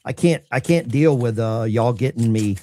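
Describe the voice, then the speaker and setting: A man's voice: medium pitch, normal speed, warm tone, dry recording. A middle-aged man, a veteran, hosting a casual livestream and reading viewer mail in a blunt, salty, self-mocking way.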